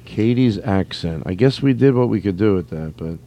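A man's voice: lowish voice, animated, normal speed, dark tone, slight background noise. A man with a Philadelphia accent hosting a comedy podcast, rambling and playful, often cutting himself off. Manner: rambling, self-interrupting, playful. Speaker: podcast host. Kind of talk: casual comedy chat.

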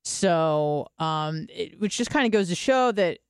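A woman's voice: on the low side, expressive, unhurried, clean tone, dry recording, clean studio sound. A young American woman talking candidly in a casual podcast chat, swearing freely and filling gaps with "like" and "um". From United States.

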